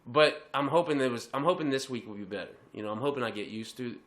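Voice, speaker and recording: A man's voice: mid-range voice, quick pace, a bit bright. A young man co-hosting a podcast, telling a profane story in casual chat and laughing often as he talks. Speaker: podcast co-host.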